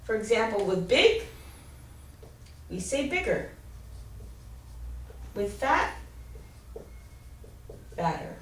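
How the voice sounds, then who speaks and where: A woman teaching an English grammar lesson, explaining slowly and clearly and spelling out letters. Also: mid-range voice, very animated. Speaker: ESL teacher. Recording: roomy, distant mic with faint ambience.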